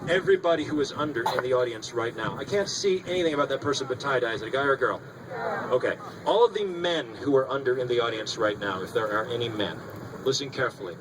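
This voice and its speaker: A man working as a stage hypnotist, giving commanding, theatrical suggestions and teasing his volunteers on stage. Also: mid-range voice. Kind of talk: stage hypnosis show patter. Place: school auditorium stage. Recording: noisy live audience recording.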